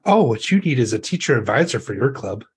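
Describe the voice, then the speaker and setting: A man's voice: medium pitch, very animated, quick pace, husky. A man at a tabletop game describing his character with many fillers. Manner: rambling, filler-laden descriptions.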